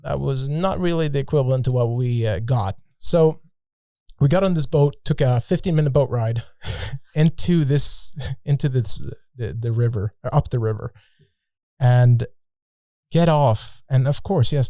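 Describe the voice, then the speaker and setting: A man's voice: mid-range voice, normal speed, mellow, no room sound, clean studio sound. A man, a podcast guest, telling a travel story in a casual, joking way with many restarts.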